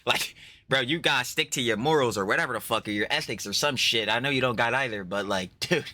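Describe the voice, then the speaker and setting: A man hosts a casual reaction stream with a bright, forward tone. He talks in loose slang and swears freely. Now and then he drops a laid-back, mocking aside. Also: mid-range voice, fast talker, no room sound. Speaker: reaction channel host.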